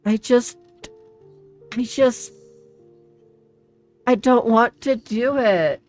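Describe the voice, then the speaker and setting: A woman's voice: on the high side, very slow, a little mellow, faint music behind, pitched above the performer's own voice. A woman voicing a distressed young woman who stammers and pleads, close to tears. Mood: pleading. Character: distressed young woman bound by a dark deal.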